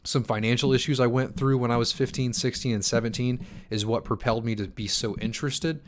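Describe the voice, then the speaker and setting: A man's voice: medium pitch, fairly even intonation, brisk. A young man in his twenties hosting a casual live-stream Q&A, tired from poor sleep and talking loosely with lots of fillers and restarts. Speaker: crypto channel host answering chat.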